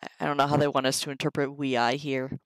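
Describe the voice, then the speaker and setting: A woman reading through a Latin textbook on a live stream, sounding out the Latin slowly and chatting casually to viewers between sentences. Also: very deep voice, level tone, dry recording, poor audio. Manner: reads Latin aloud slowly, chatty asides. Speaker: streamer teaching herself Latin.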